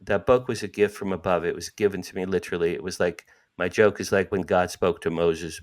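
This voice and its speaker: A man, telling a personal story as an interview guest, acting out quotes with sudden jumps in pitch. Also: a little fast, few pauses.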